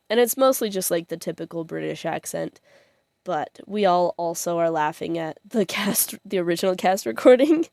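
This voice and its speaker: A young woman talks through her vlog at an unhurried pace, giggling often and rambling with plenty of fillers. Her voice sits at an ordinary pitch for a woman. The recording is close and dry, with no room sound. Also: a little mellow, no echo. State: tearful at times. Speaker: vlogger. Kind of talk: casual vlog chat.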